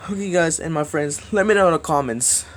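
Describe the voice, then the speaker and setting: A man making a rambling direct-to-camera plea, repetitive and halting, swinging between loud outbursts and mumbling. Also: on the high side, slight background noise. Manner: halting, restarts words often. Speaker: video creator.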